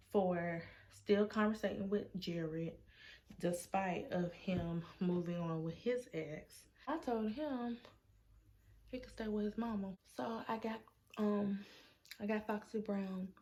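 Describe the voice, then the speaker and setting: A woman, talking in an animated, sassy way as she retells an argument. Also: mid-range voice, vocal fry, highs cut off. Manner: animated, acts out quotes in a sassy tone. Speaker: storytime vlogger. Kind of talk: casual storytime vlog.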